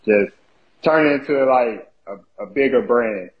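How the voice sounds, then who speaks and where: A man being interviewed as a sports media guest, talking in a relaxed, hesitant way with many fillers. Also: mid-range voice, a little slow, muffled recording. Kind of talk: casual interview chat.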